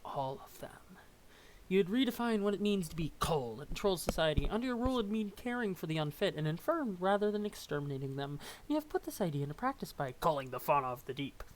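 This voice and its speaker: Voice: medium pitch, sing-song, quick pace, few pauses, a little hiss or hum. Casual webcomic reader full of asides. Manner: reads with stumbles, asides and laughs. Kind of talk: casual read-aloud of a webcomic.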